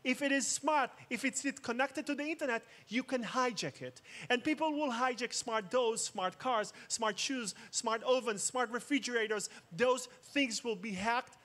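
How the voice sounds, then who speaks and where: A man's voice: very high voice, moderate pace, few pauses, bright, forceful tone. A man giving a keynote talk, mixing jokes with dramatic storytelling. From Israel. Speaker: conference speaker. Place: outdoor festival main stage.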